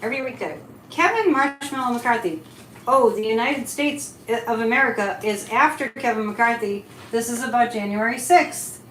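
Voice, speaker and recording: A fairly high-voiced woman talks casually on a live stream, chatty and animated. The room is echoey, with a faint hiss of noise behind her. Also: normal speed. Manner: chatty and animated, reads chat comments aloud. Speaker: psychic livestream host.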